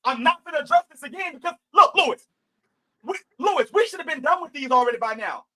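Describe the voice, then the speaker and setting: A man's voice: very high-pitched, expressive, fast, bright, forceful tone, rough recording. A man hosting a livestream Bible debate, talking emphatically and bluntly, cutting in and swearing. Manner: emphatic, interrupting, blunt and profane. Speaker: host.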